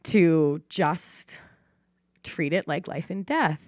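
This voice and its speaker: A woman's voice: deep voice, takes it slowly, dry recording, studio quality. Teary woman host, heartfelt storytelling. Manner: heartfelt, animated, casually profane. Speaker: podcast host. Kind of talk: emotional personal storytelling.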